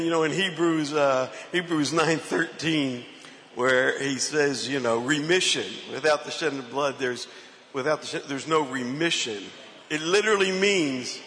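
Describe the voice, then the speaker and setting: A man's voice: a little high, bright, forceful tone, slight background noise. A man giving a conversational sermon as one of a panel of preachers, playfully firing questions at the congregation. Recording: long reverb from a hall, faint ambience.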